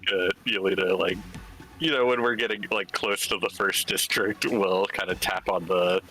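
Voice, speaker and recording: A man with a lower voice and a very bright, sharp tone plays in a tabletop game. He describes what his character does in a dry, matter-of-fact way. Music plays softly behind him. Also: steady tone, moderate pace, low-quality recording. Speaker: player. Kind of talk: tabletop role-play chat.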